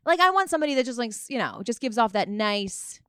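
Smooth-voiced New York woman. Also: fairly high pitch, very animated, fast, a bit bright, no echo, clean studio sound. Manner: upbeat, reads out poll results. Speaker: podcast co-host. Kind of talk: casual chat.

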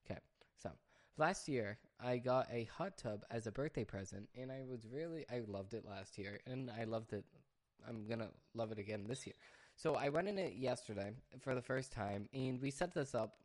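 A man's voice: mid-range voice, moderate pace. Rambling young man on a casual podcast. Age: young adult. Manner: chatty, rambling, keeps breaking off to hush his dog. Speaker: podcast host. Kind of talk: casual solo podcast chat.

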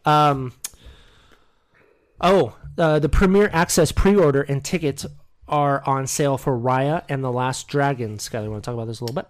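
A man's voice: mid-range voice, normal speed, no echo, poor audio. An American man co-hosting a podcast in casual chat, joking and laughing often. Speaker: podcast co-host.

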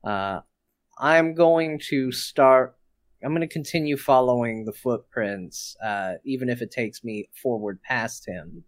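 A man playing a tabletop role-playing game, stating his character's actions in a slow, deliberate way. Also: medium pitch, no room sound. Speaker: player.

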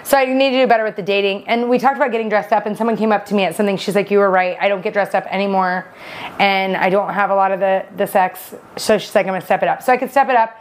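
A woman's voice: medium pitch, steady tone, rapid-fire. A woman co-hosting a casual podcast, talking frankly and teasing her co-host. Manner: frank and teasing, talks things through. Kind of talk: casual chat.

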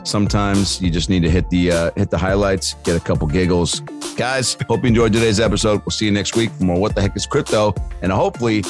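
A man's voice: on the low side, steady tone, fast, music in the background. A man hosting a casual podcast, joking and swearing in a laid-back way. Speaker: comedian podcast host.

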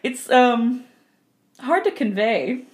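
A woman's voice: on the high side, slow. A woman hosting a podcast, reading fan fiction aloud and chatting casually, giggling often. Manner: giggly, laughs often, animated. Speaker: podcast host.

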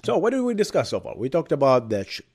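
Man, 30s, Arab accent, live-stream tech host, lively pitch, punchy then low asides. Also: fast, slightly rough. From Bahrain. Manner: animated, jumps between loud bursts and low asides. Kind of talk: live-streamed tech lecture with chat replies.

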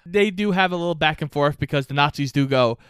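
A man narrates a film's plot step by step in relaxed chat, dry and amused. His voice is somewhat high for a man and clear. The recording is close and dry. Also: brisk, no echo. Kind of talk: casual movie recap narration.

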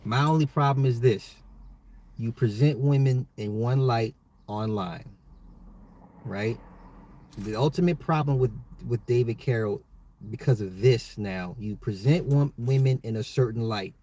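A man's voice: medium pitch, unhurried, mellow, a little hiss or hum. A man, a father, hosting his own commentary podcast, talking straight to listeners in an emphatic way and often repeating himself. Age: adult, a father. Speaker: podcast host. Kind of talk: solo social commentary podcast.

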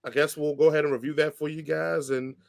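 A man's voice: a little high, little pitch movement, quick pace, gravelly, no echo, studio quality. A man hosting a podcast, joking along and handing off to his co-host in casual chat. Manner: agreeable, joking, leads the segments.

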